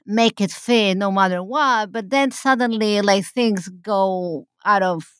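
A woman talks through her research in a rambling, halting way, full of fillers and restarts. Her voice sits at an ordinary pitch and sounds close and dry, with no room around it. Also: a bit bright, clear, resonant tone, dry recording. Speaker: historian guest. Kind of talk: casual interview talk.

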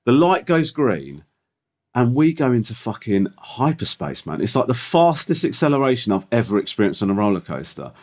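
A man's voice: mid-range voice, very animated, normal speed, darkish tone. A middle-aged man telling a long anecdote in casual podcast chat, rambling with restarts and fillers. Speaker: podcast co-host.

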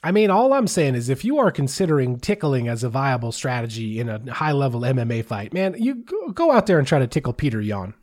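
A man's voice: mid-range voice, sing-song, a little fast, few pauses, a little mellow. A man hosting a podcast, reading listener mail in casual chat with a dry, wry manner. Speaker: podcast host.

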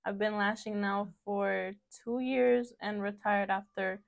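A woman's voice: medium pitch, steady tone, unhurried, creaky, muffled recording. A young adult woman, a guest on an interview show, telling her story in a chatty, casual way with loose swearing. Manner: chatty, swears casually, acts out quoted dialogue. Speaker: guest entrepreneur.

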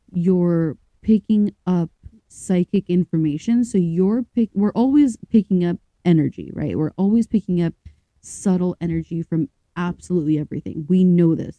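A woman co-hosting a podcast, chatting casually, reading stories aloud and thinking out loud with fillers and restarts. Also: on the low side, normal speed, no echo, dull audio. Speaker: podcast co-host.

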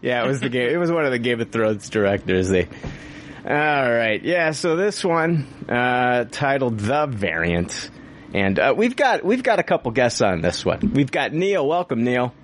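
Man, podcast host, casual chat, lively pitch, joking, laughs a lot. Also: moderate pace, slight background noise. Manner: animated and joking, laughs often, swears casually.

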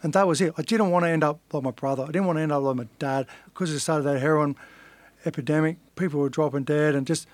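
Fighter, forties, candid storyteller with a higher-pitched voice and a dry, close podcast sound. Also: male voice, steady tone, fast, no room sound. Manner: blunt, earnest, swears casually. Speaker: guest, fighter. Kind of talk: casual storytelling interview.

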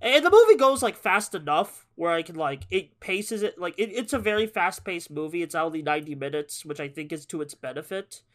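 A man chatting as a guest on a film podcast, easygoing and hesitant, often restarting his sentences. His voice sits a little higher than most men's. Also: lively intonation, brisk, hardly any pauses. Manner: easygoing, hesitant, stumbling over words. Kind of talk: casual movie review chat.

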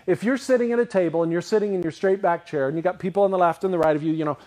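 A man's voice: high voice, very fast. A man preaching a sermon in a conversational style, asking his listeners questions and picturing scenes for them. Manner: conversational, animated, asks the audience questions. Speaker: pastor.

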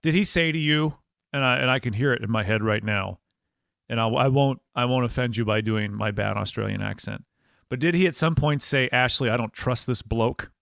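A man's voice: medium pitch, brisk, vocal fry, a bit bright, no room sound, clean studio sound. A man hosting a casual interview, playful and joking with his guest. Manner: playful, jokey, voice leaping up and down. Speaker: podcast host.

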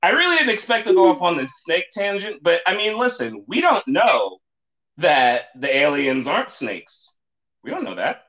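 A man hosting a podcast in casual chat, rambling and excitable and laughing often. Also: high-pitched, moderate pace. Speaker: podcast host.

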